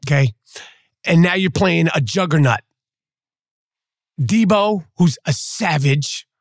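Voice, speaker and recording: Gravelly man ranting profanely. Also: a little high, animated, slow pace, no echo, clean studio sound. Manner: profane, mocking, trash-talking. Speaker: podcast host. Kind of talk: sports rant.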